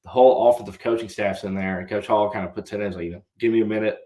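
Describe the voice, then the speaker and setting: A man's voice: on the low side, fairly even intonation, very fast, warm tone. A young man in his twenties, a podcast guest and former college quarterback, telling a long story in a casual way and answering politely with "yes, sir.". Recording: roomy echo.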